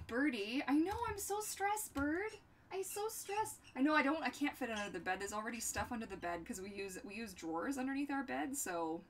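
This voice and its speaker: A woman's voice: medium pitch, recorded from a distance, a little hiss or hum. A young woman hosting a livestream, chatting in a bubbly, goofy way and talking to her pets. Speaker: livestream host. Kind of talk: casual chat while crafting on a livestream.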